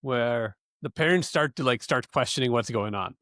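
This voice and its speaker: Male co-host, inquisitive casual talk, mid pitch, dry room. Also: a bit bright, dry recording. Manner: curious, quick to question. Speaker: podcast co-host. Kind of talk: casual chat.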